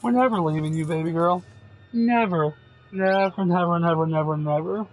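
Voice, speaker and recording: A man's voice: sits high, moderate pace, soft background music, rough recording. A man casually talking while playing a game, earnest and reassuring, with plenty of swearing. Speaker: gameplay video creator.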